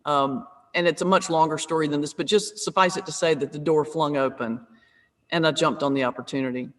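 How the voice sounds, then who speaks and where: Woman in her fifties, pastor and comedian, tells lively funny stories on a video call with a long room echo. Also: deep voice, a little fast. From North Carolina, USA. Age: 50s. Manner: humorous, lively, self-deprecating. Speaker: pastor and comedian, interview guest. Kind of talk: conversational storytelling.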